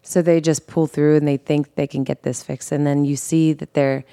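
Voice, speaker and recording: A woman with a low, deep-set, creaky and mellow voice, speaking flatly, tells her own life story as a guest host on a podcast. She is earnest and emotional, quickly correcting and restarting her sentences. The recording is close and dry, with no room sound.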